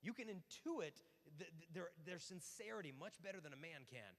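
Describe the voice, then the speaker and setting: A man in his thirties giving an animated talk at a youth conference, telling stories and acting out quick exchanges with lots of fillers. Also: fairly high pitch. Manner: storytelling with acted-out voices and many fillers. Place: large hall. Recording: hall reverb.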